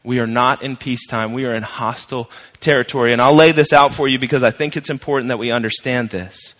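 A man's voice: medium pitch, steady tone, quick pace, fairly bright tone, long reverb tail. A male pastor preaching a sermon in a conversational, emphatic way, repeating his key phrases.

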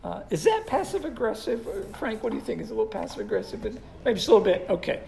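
A woman's voice: on the high side, big pitch swings, rapid-fire, creaky, warm tone, low-quality recording. A woman teaching a Bible study, joking with the group and quizzing listeners by name.

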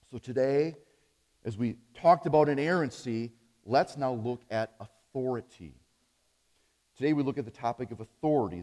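A man preaching a sermon as pastor, emphatic, punching key words and letting phrase endings drop low. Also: long reverb tail. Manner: emphatic, swings between loud stresses and low dropped phrase endings.

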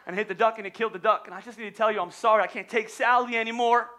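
A man's voice: high voice, fairly even intonation, rapid-fire, sharp tone. A man preaching, voicing a guilty, rambunctious little boy who pleads and blurts things out. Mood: confessing.

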